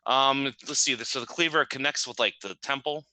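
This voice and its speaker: A man's voice: mid-range voice, normal speed, bright, forceful tone, no room sound, poor audio. A man playing a tabletop game, describing his character's wound while thinking aloud in a joking, hesitant way. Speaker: player. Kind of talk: casual chat at a tabletop game.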